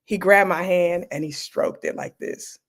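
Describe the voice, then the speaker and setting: Middle-aged woman, lowish voice, doctor guest recounting her experiences, animated, mimics others. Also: unhurried, vocal fry, husky. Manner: candid, animated, acts out quoted people. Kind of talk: personal storytelling in an interview.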